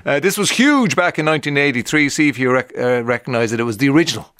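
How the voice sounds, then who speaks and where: A man's voice: mid-range voice, expressive, background noise. An Irish man hosting a radio show, chatting casually with a guest and linking into the next items, often correcting himself. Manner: chatty, friendly sign-offs, quick self-corrections. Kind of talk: casual radio chat and links. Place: radio studio.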